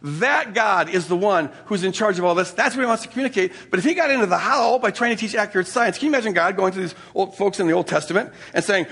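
An older man delivers a sermon in a relaxed, storytelling way, often chuckling and restarting his sentences. His voice sits fairly high for a man and has a husky grain. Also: quick pace. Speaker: pastor.

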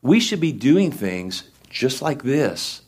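A man's voice: medium pitch, very animated, takes it slowly, breathy edge. A man preaching a sermon, reading scripture aloud and then explaining it with folksy, down-to-earth asides and emphatic repetition. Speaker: lay preacher.

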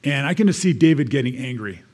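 American male church elder, mid-pitched, folksy sermon delivery with scripture readings. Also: expressive, quick pace, darkish tone. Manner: conversational, reading scripture aloud with asides.

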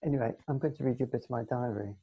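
A man co-hosting a podcast in casual chat, teasing his partner in a dry, deadpan way. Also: medium pitch, racing, husky, no room sound, muffled recording. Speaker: podcast co-host and editor.

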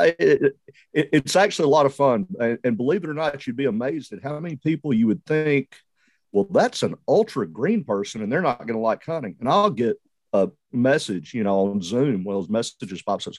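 A man's voice: medium pitch, lively intonation, moderate pace, a little mellow, dry recording. A man calling in to a podcast over a video call, chatting in a wry, easygoing way. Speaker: guest caller. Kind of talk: casual call-in chat.

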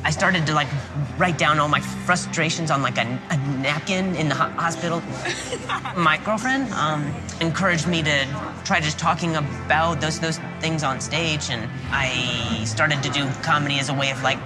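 A man's voice: a little high, moderate pace. A man who stutters, repeating words as he answers questions on a talent show stage. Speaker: talent show contestant, comedian. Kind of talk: onstage interview. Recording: loud music under a TV clip.

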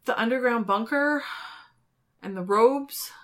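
A woman's voice: a little high, unhurried, a bit bright. Thoughtful woman chatting on a podcast. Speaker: podcast co-host. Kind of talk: casual chat recapping an episode.

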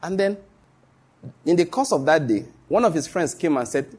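Husky emphatic Nigerian male pastor. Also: a little high, sing-song, moderate pace. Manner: emphatic, repeats key phrases for stress; dramatic shifts between hushed and raised voice. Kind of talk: live-streamed sermon with storytelling.

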